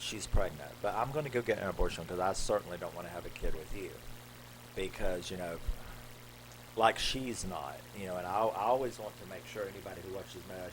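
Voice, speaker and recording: Man, low voice, casual movie recap, rambling, acts out characters' lines. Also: noisy background. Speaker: horror film reviewer.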